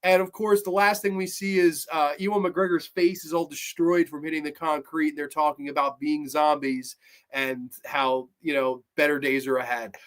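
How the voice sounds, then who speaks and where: Rambling, excitable male reviewer. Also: a little high, normal speed. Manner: rambling, excitable, swears freely. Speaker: horror series reviewer. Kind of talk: casual episode review.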